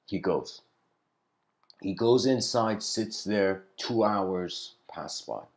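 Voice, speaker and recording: A man giving a reflective spiritual lecture, telling stories slowly with pauses and letting his voice trail off quietly. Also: on the low side. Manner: unhurried storytelling with pauses.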